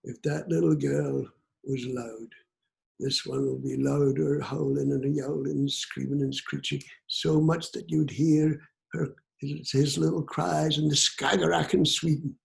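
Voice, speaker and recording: A man's voice: a little high, level tone, measured pace, gravelly. An older Scottish man voicing a small solemn fairy man who speaks in archaic, formal thee and thou.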